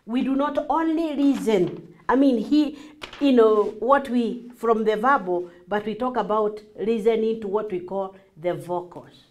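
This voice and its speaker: Animated Kenyan woman marriage coach. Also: fairly high pitch. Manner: animated, acts out examples, mixes in Swahili. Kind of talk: classroom teaching.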